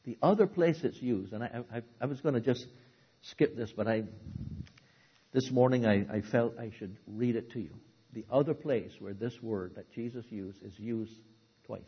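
A man preaching a sermon, who swings from loud, dramatic outbursts to low, hushed asides. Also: normal speed, husky, highs cut off.

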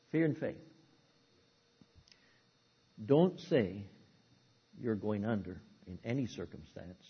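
A man preaching a sermon, who swings from loud, dramatic outbursts to low, hushed asides. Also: husky, highs cut off.

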